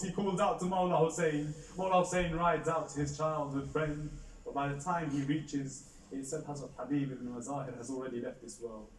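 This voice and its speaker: A man's voice: medium pitch, slight background noise. A man delivering a Muharram majlis sermon, narrating a story in a solemn recitation. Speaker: Muharram lecturer. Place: religious gathering hall. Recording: echoey hall, distant mic, faint ambience.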